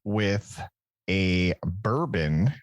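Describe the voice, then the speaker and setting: A man with a very deep voice chats easily as a podcast co-host. His delivery is dry and relaxed, and the recording is close and dead. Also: drawn-out words, no echo. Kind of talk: casual chat.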